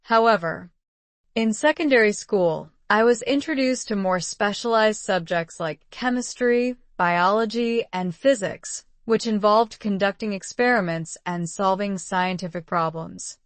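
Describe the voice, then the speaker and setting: A woman reading out model exam answers in an even, polished, measured way. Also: mid-range voice, no echo. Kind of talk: scripted reading of sample answers.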